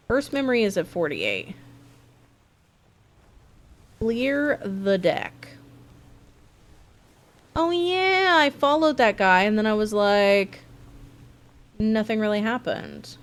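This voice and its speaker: A young woman streaming a mystery game, chatting casually and thinking out loud as she plays. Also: mid-range voice. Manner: chatty, thinking aloud, jumping between thoughts. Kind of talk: casual live-stream commentary.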